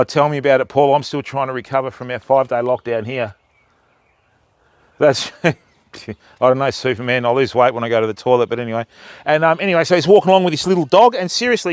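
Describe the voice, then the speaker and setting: An older man with an Australian accent chats loosely to his livestream viewers outdoors by a river. His voice sits fairly high for a man and sounds dry and close, and he cracks jokes and swears now and then. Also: no echo. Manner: rambling, matey, swears and tells jokes. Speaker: fishing channel host. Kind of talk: casual livestream chat.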